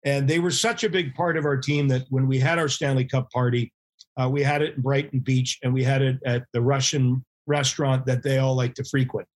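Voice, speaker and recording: A middle-aged man, a former hockey goalie, telling animated anecdotes as a podcast guest and acting out quoted voices. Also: medium pitch, fairly quick. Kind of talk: casual storytelling interview.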